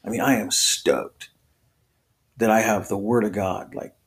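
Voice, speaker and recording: On a podcast, a male guest with a lowish, somewhat slow voice shares his personal faith testimony. He speaks earnestly and conversationally, often restarting and voicing quotes.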